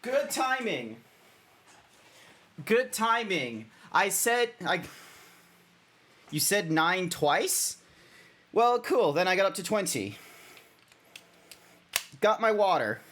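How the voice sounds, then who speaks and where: A young Australian man talks to his stream viewers in a loose, rambling way. He doubles back and restarts his sentences often. His voice sits a little on the high side for a man. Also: sing-song, slow pace, pauses often, a bit bright, a little hiss or hum. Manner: rambling, self-correcting, chatty. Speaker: VTuber streamer. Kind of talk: casual stream chat.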